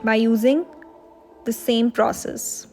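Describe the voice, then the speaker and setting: A woman's voice: a little high, steady tone, slow pace, warm tone, soft background music. A young woman, host of a cooking channel, explaining a recipe step by step in a voice-over.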